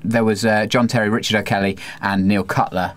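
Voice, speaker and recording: A young man talks football on a podcast in an easy, relaxed manner, his voice sitting fairly low. He chats loosely with his co-host and now and then slips into a mock accent for fun. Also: brisk, no room sound. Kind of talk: casual football chat.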